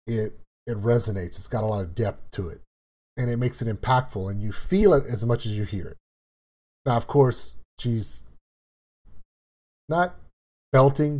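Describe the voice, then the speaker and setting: A man's voice: mid-range voice, a little mellow. A man from South Louisiana hosting a music reaction video, talking in a reflective, emotional way that stops and restarts with fillers. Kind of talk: casual reaction commentary.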